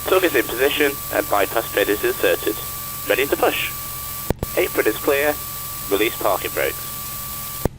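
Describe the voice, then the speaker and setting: A man's voice: mid-range voice, big pitch swings, measured pace, long pauses. A man voicing an airport pushback ground crewman, reading clipped, procedural instructions over noisy simulator audio. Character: adult male airport pushback ground crew. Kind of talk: recorded ground crew announcements.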